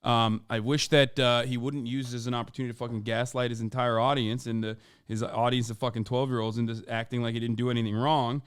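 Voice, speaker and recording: A man's voice: medium pitch, level tone, quick pace, hardly any pauses, clean tone, no room sound. A man streaming, reacting to a video with profane, sarcastic, heated commentary from home on a close desk mic.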